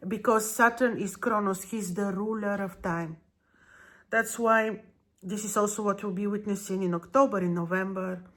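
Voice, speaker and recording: A woman talks through a monthly astrology forecast. Her voice sits at a middle pitch. She speaks in an unhurried way, with many fillers and restarts as she explains. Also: a bit bright.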